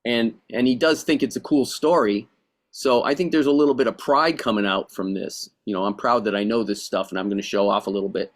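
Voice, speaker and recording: A man giving calm, explanatory notes to actors at a rehearsal. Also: mid-range voice, a little fast.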